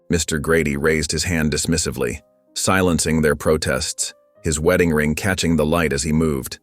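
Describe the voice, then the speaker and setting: A man narrating a scripted story in a solemn, even manner. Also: a bass voice, normal speed, no room sound, faint music behind.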